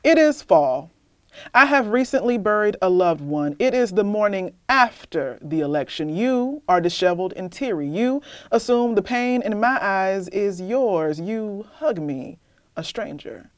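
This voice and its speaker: A young woman poet, candid and animated, talking about her reading life in an interview and then reading her poem aloud. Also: mid-range voice, unhurried, dry recording, clean studio sound. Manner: candid, animated, laughs often. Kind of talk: casual interview chat, then poetry reading.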